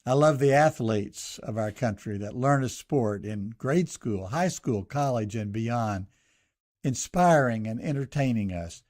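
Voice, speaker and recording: An older man with a Southern US accent speaks as a radio host, setting out items one by one in a measured cadence. His voice sits at an ordinary male pitch. He delivers reflective commentary and prayer. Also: expressive, a little mellow.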